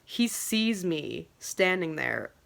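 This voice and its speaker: A woman in her twenties telling a casual storytime vlog, swearing constantly and talking excitably. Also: lowish voice, takes it slowly, creaky. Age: 20s. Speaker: vlogger.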